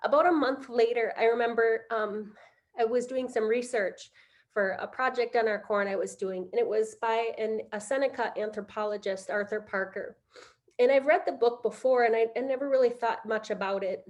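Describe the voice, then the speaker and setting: A middle-aged woman on a video call, telling a heartfelt personal story on a panel, halting with many fillers. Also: a little high. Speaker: conference panelist.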